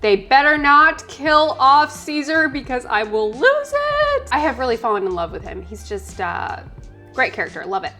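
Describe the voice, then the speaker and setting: A woman's voice: sits high, sing-song, moderate pace, sharp tone, faint music behind. A young woman co-hosting a movie reaction video, talking earnestly and with enthusiasm. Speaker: co-host, first-time movie viewer. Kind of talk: casual chat.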